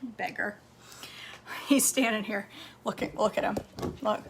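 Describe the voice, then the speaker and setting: A woman's voice: medium pitch, steady tone, measured pace, creaky, noisy background. A woman vlogging casually from her home kitchen, chatting to viewers and her dog as she cooks. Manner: chatty, talks to her dog between steps. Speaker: cooking vlogger.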